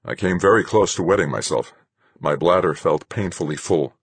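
As an audiobook narrator, a man reads a first-person science fiction novel with steady, measured storytelling. His voice is deep with a breathy edge, and there's no echo.

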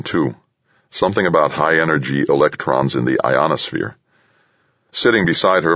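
A man narrating a thriller audiobook in a steady, measured way. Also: rumbling low, dry recording, highs cut off. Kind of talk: scripted narration.

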